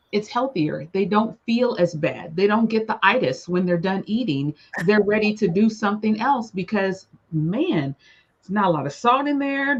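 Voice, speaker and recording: A woman tells family stories in a casual, animated way, slipping into the voices of relatives as she goes. Her pitch sits in a middle range. The recording sounds a little dull and lo-fi. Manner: lively storyteller who acts out family members' lines. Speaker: panelist sharing her experience. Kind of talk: casual storytelling chat.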